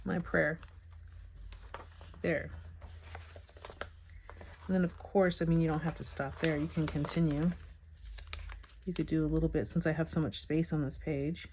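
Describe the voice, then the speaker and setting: Low-voiced woman chatting through a craft tutorial. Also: steady tone, a little hiss or hum. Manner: soft, chatty, thinking aloud with hums and pauses. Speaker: Bible journaling instructor. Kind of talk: relaxed craft tutorial narration.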